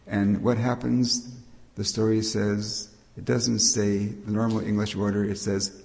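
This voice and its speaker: Older man, preacher, mellow dark voice, patient explanatory sermon, long hall reverb. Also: on the low side, flat delivery, measured pace, creaky. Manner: explanatory, patient, with frequent restarts. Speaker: preacher and Greek teacher. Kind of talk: Bible teaching sermon.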